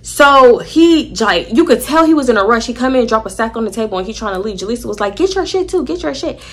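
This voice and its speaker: A young woman casually telling a storytime to her viewers, animated and acting out what people said. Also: fairly high pitch, fast talker. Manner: animated, acts out quoted voices, addresses viewers as y'all.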